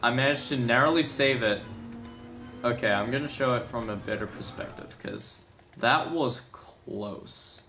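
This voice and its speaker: A young man casually talks through a replay of his own race for a gaming video, with gameplay music in the background. Though sleepy and yawning, rambling and self-correcting with many fillers, his mid-range voice has a bright, forceful tone at a measured pace.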